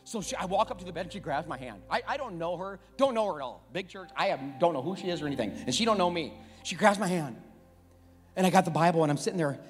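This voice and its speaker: A man preaching a sermon as pastor, telling a story with passion, repeating phrases and building to shouts. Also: high-pitched, expressive, quick pace. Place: church sanctuary. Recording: long hall reverb, faint music.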